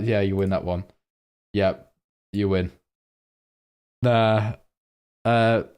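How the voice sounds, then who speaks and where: A man's voice: sits low, darkish tone. A young man, casually going over forex charts on a live stream and reading out viewer comments.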